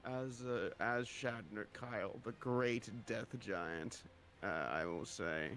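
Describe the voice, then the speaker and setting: A man's voice: lowish voice, slow pace, a bit bright. A man playing a tabletop role-playing game, chatting casually and hesitantly, with playful swearing.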